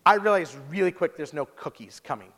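A man preaching a sermon, telling stories with lively acted-out quotes. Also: a little high, a little fast. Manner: animated storytelling, acts out quotes in character voices. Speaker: pastor. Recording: long hall reverb.

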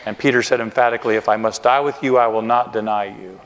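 A man preaching a sermon, earnest and expressive, slowing down and speeding up for emphasis. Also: lowish voice. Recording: long reverb of a hall.

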